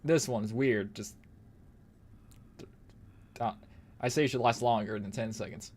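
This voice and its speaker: A man's voice: mid-range voice, measured pace, darkish tone. Profane rambling male game streamer. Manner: rambling, profane, laughs often. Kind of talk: casual gaming commentary.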